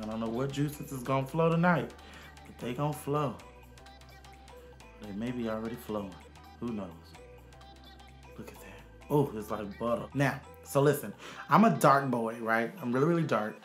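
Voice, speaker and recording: A man, a makeup artist giving a sassy, chatty casual makeup tutorial. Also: medium pitch. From Arkansas, USA. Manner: sassy and chatty, calls viewers honey and child.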